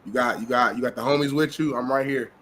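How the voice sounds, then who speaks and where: A man's voice: mid-range voice, fairly even intonation, fast, a crowd in the background. A man co-hosting a podcast in casual chat, teasing his partner and greeting the live chat. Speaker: podcast co-host.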